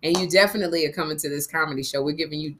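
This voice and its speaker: A woman co-hosting a casual comedy livestream, telling a story in an animated way and acting out other people's voices. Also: deep voice, racing, a little hiss or hum. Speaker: co-host.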